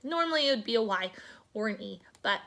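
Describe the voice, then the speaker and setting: A young woman teacher giving a phonics lesson to children, sounding words out slowly part by part and encouraging them. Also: fairly high pitch, animated, bright, forceful tone. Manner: slow, sounding out word parts, encouraging.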